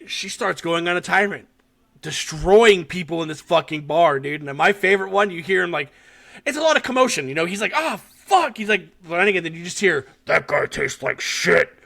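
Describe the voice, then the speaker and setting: A man hosting a podcast, casually recapping a short film with animated, profane storytelling and frequent laughter. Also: high-pitched, brisk, creaky. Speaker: podcast host.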